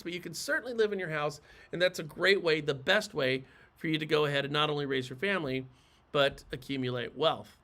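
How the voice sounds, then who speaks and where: A man's voice: high-pitched, bright, forceful tone. A man hosting a real estate talk show, speaking emphatically and persuasively, repeating points for stress. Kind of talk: opinionated talk to camera.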